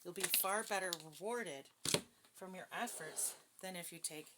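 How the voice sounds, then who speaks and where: Woman tarot reader, casual and talkative, slightly low voice, noisy home recording. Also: normal speed. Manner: chatty, self-deprecating, talks straight to viewers with frequent "okay?". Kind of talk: casual spiritual card reading.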